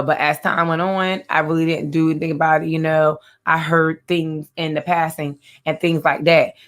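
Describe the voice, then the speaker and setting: A woman with a deep voice hosts a faith-based talk show, addressing her viewers earnestly and directly. She often repeats her phrases.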